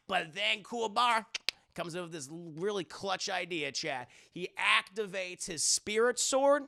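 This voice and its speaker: A man's voice: high voice, animated, measured pace, vocal fry, pushed and bright. A young man streaming live, giving a rambling, profane, jokey recap of an anime episode and talking to his chat.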